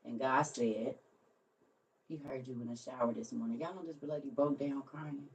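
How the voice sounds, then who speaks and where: A woman who hosts a livestream and tells a story in a casual way. She laughs often and swings between soft, quiet lines and loud ones. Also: very deep voice, steady tone, normal speed, distant mic, slight background noise. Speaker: livestream host.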